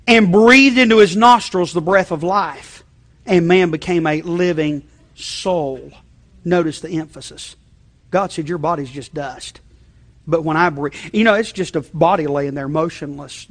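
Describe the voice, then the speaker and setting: A male pastor preaches a sermon conversationally, at normal speed, frequently checking in with his listeners. His voice is high for a man, swinging between loud emphasis and low, quiet asides, and he often restarts his sentences.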